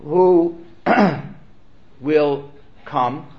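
A man's voice: a little high, extremely slow. A man giving an earnest, explanatory Torah lecture as a rabbi, sprinkling in Hebrew terms. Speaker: rabbi teaching. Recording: dull, lo-fi recording.

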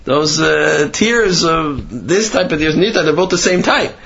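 A man giving a Torah class sermon with animated storytelling, rising in pitch for emphasis. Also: measured pace, gravelly, husky, dull audio. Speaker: religious teacher.

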